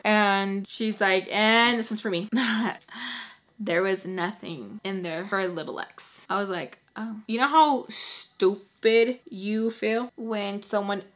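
A young woman telling a storytime in a casual, animated way, her tone bright and forward. She acts out what others said and slips Spanish phrases into her English. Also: mid-range voice. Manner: animated, acts out quotes in put-on voices, swears freely. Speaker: storytime vlogger.

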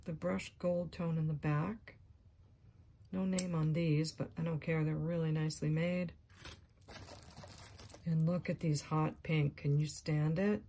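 A woman vlogger with a scratchy voice, chatting casually and gushing as she shows off thrifted jewelry, sometimes dropping to a near-whisper. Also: sits low. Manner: gushing, excited exclamations. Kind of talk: casual show-and-tell chat.

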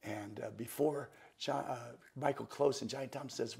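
An older man with a gravelly, husky voice tells stories as a guest in an interview. He is animated and slips into other people's voices as he recounts what they said. His pitch sits at an ordinary middle height. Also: moderate pace, hardly any pauses. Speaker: guest magician. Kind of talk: storytelling interview.

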